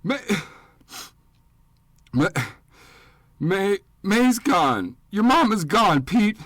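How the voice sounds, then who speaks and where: A man's voice: sits high, sing-song, a little fast, no room sound, studio quality, pitched above the performer's own voice. A man voicing a grieving husband who speaks choked and breathless through sobs. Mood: sobbing.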